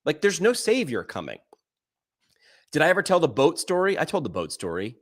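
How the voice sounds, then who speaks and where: Emphatic, animated male podcast host. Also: fairly quick. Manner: emphatic, animated storyteller with big swings in pitch and loudness. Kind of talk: casual podcast discussion.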